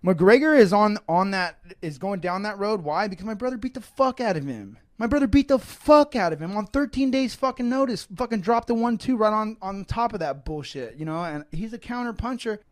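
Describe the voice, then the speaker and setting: A man's voice: sits high, animated, brisk, few pauses. A fighter in a casual interview, talking in a rambling, profane way and often restarting his sentences.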